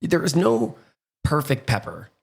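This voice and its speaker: A man's voice: on the high side, huge pitch swings, a little slow, vocal fry, husky. Chatty man hosting a podcast. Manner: chatty, many fillers, rhetorical "right?". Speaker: podcast host. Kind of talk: casual chat.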